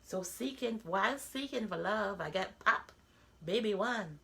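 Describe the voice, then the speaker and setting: A woman's voice: mid-range voice, lively intonation, measured pace, creaky, a bit bright. A woman, talking bluntly and candidly in a personal vlog monologue, full of rhetorical asides. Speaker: vlogger.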